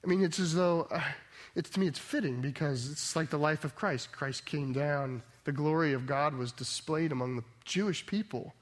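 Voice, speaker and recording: A man's voice: fairly high pitch, moderate pace. A man preaching a sermon, retelling a story and building it into emphatic preaching. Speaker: pastor.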